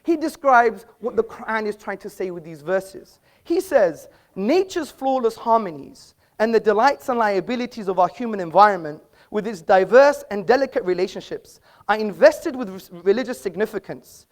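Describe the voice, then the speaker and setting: A man's voice: sits high, lively intonation, moderate pace, hardly any pauses. A man making an assertive speech in a live public debate in an auditorium, quipping at the audience and quoting from books. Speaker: debate speaker.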